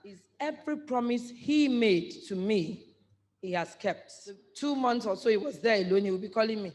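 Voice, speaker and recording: A woman's voice: medium pitch, a little mellow, in a large hall. A middle-aged woman giving a heartfelt, tearful speech to her husband. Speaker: wife giving a birthday speech.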